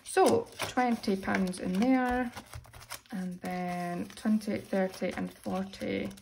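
A young British woman, a little hoarse, chatting casually as she counts out cash for her weekly budget. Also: mid-range voice, fairly even intonation, slow pace, a little mellow, slight background noise. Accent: British English. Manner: chatty, self-narrating, counting money aloud. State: slightly hoarse, losing voice. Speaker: budgeting vlogger. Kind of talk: casual chat while cash stuffing.

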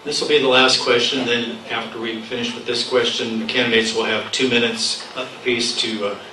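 A man's voice: mid-range voice, little pitch movement, normal speed, bright, forceful tone. A man moderating a public debate, announcing questions plainly. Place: public hall. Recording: echoey room from far off, clear noise.

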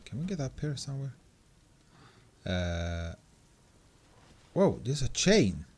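A gameplay commentator who gets excitable, shrieks and laughs often, swears casually and talks to the game creature. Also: mid-range voice, slow pace, slight background noise. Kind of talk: let's play commentary.

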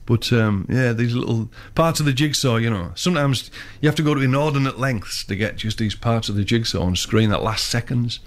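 A man's voice: medium pitch, fairly quick, hardly any pauses. A man, a filmmaker guest telling long, rambling anecdotes in casual chat. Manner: rambling storyteller, many restarts.

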